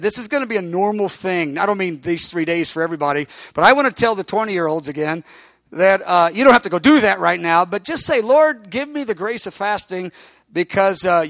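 A man preaching a sermon and telling personal stories, animated and self-mocking, swinging between loud and quiet. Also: high-pitched, no echo. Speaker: pastor. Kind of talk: sermon storytelling.

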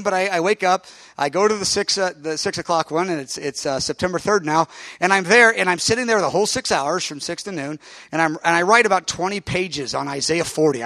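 Pastor guy telling stories in a sermon, higher voice, dry close sound, goes loud then quiet. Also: creaky, no echo. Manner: animated, self-mocking, jumps between loud and quiet. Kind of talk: sermon storytelling.

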